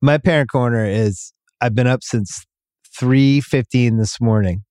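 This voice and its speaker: A middle-aged man hosting a podcast, chatting in a relaxed way with dry asides. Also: mid-range voice, unhurried, dry recording. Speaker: podcast host. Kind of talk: casual chat.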